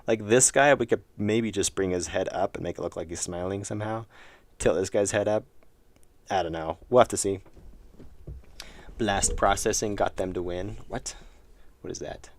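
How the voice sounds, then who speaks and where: A man with a lowish voice streams his indie game development, chatting casually with viewers at normal speed with long pauses. He rambles and jokes at his own expense while his voice gives out.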